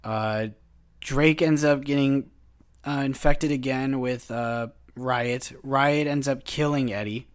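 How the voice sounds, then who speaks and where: A guest reviewer with a clear, resonant, medium-pitched voice casually retells a film plot. He speaks haltingly, with lots of uh and um fillers and restarts.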